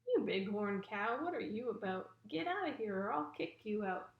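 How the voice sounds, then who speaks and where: A woman's voice: medium pitch, big pitch swings, moderate pace, gravelly, highs cut off. A woman storyteller voicing a rude, bossy male little ram that scolds everyone who comes near, in a roomy space. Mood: scolding. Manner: scolding, blustering. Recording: roomy echo.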